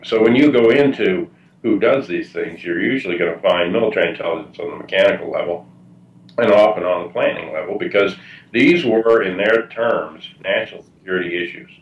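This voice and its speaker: A man speaking as a guest at a public talk, answering at length in a halting way with many fillers and restarts. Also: deep voice. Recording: distant muffled roomy mic.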